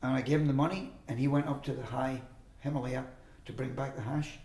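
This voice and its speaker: A man's voice: mid-range voice, steady tone, fairly quick, dark tone, reverberant. Older man rambling through a story. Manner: rambling anecdotes, acting out quoted voices. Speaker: interview guest. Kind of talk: storytelling in casual conversation.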